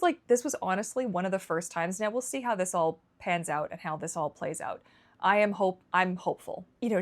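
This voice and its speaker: A Canadian woman vlogging candidly, emotional and rambling, often restarting her sentences. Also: fairly low pitch. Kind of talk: candid personal vlog.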